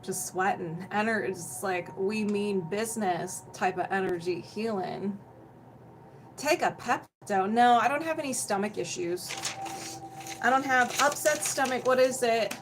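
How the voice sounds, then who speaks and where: With background noise behind her, a young woman with a mid-range voice unhurriedly hosts a casual home livestream on energy healing. She's chatty and bubbly, greets viewers by name, laughs often, and is feeling hot and sweaty.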